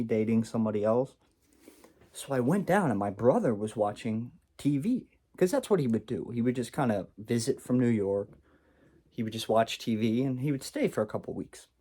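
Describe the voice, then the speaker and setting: A young man casually telling a personal story and acting out what he and his brother said. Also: mid-range voice. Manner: animated, acts out quotes of himself and his brother.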